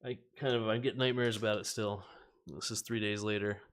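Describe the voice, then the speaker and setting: A man's voice: lowish voice, steady tone, a little fast. Chatty man reading cards aloud. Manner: chatty, laughs often, reads card text aloud. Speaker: host of a card-opening stream. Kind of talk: casual chat while opening card packs.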